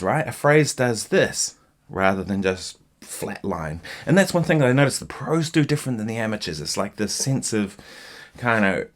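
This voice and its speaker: A man giving a casual guitar lesson, chatting in a relaxed, rambling way with lots of fillers and asides, guitar in hand. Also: lowish voice. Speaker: guitar teacher. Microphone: single mic, holding guitar while talking.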